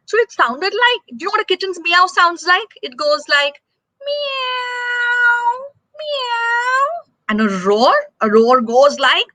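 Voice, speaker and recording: A woman telling a story to children in a live session, animated and asking them questions. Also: high-pitched, moderate pace, hardly any pauses, no room sound, poor audio. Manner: animated, asks kids questions.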